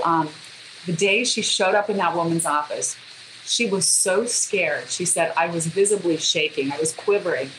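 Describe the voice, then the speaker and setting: A woman's voice: on the low side, a bit bright. A woman interviewed as a guest author, telling earnest stories in casual conversation. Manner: earnest storytelling, acts out quoted speech. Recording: echoey room with background noise.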